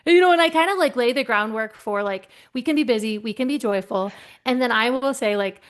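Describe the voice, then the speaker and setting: A middle-aged woman with a slightly high voice tells workplace stories with lots of energy. She slips into the voices of her characters as she goes, in an easy conversational flow. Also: a little fast. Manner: lively, acts out voices in her anecdotes. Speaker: guest, keynote speaker. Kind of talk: animated storytelling in conversation.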